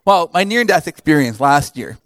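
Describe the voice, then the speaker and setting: A man speaking at a camp, telling a funny story in a lively way with many fillers and laughs before turning it into a sermon. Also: fairly high pitch, normal speed, no room sound. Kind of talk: humorous sermon to campers.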